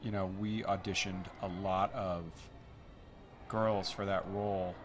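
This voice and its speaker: A man in developer commentary, telling stories and acting out quotes in an animated way. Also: low voice, a little slow, over music. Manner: animated storyteller, acts out quotes. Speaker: game developer.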